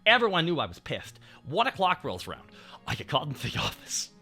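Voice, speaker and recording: A man streamer casually telling a long, profane story to his viewers, swinging between low muttering and shouting. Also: huge pitch swings, fast, vocal fry, breathy edge, soft background music. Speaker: VTuber streamer.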